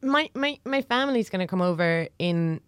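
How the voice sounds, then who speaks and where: A woman's voice: medium pitch, expressive, moderate pace, a bit bright, clear, resonant tone, no echo. A woman co-hosting a comedy podcast, rambling and self-deprecating, laughing often. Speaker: podcast co-host. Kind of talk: casual comedy chat.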